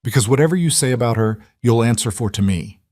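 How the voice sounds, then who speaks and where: A man's voice: mid-range voice, animated, quick pace, a little mellow, no room sound, studio quality, natural voice. A man voicing a stern, protective rancher father who speaks firmly and tersely in an audiobook. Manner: firm, terse. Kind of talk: audiobook character voice.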